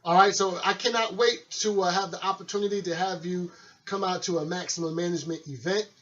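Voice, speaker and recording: A man's voice: sits high, steady tone, fairly quick, fairly bright tone, slight background noise. A man hosting a casual radio interview with a guest on the phone. He is laid-back and chatty and laughs easily. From Pennsylvania, USA. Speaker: radio show host. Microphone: studio mic, guest on the phone. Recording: slightly dull, lo-fi recording.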